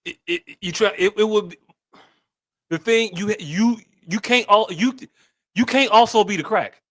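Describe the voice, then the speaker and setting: A man with a fairly high voice, pushing back in loose podcast banter. He stumbles and restarts as he builds his argument. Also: moderate pace. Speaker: podcast co-host. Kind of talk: casual chat.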